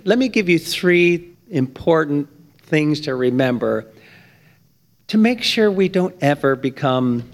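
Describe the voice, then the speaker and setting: A man preaching a sermon, with emphatic stress that climbs high on key points. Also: gravelly. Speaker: pastor.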